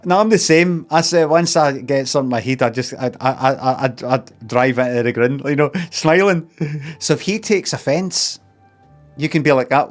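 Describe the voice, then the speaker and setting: A middle-aged Scottish man with a Glaswegian accent, chatting casually on a livestream, rambling and deadpan, acting out bits of mock dialogue. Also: medium pitch, a little fast, soft background music. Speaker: streamer. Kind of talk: casual livestream chat with chat readers.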